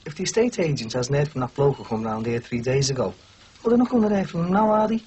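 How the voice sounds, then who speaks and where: A man's voice: medium pitch, sing-song, fast, darkish tone, husky. An actor playing a cheeky, eager young man. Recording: noisy TV audio.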